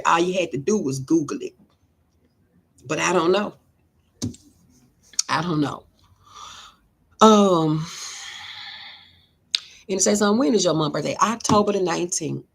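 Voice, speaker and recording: A middle-aged woman chats on a livestream with a rough, gravelly edge to her voice. Her tone is breathy and husky as she tells emotional, heartfelt stories and answers viewer comments. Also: low-pitched. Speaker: livestream host. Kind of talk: casual livestream chat, reading viewer comments.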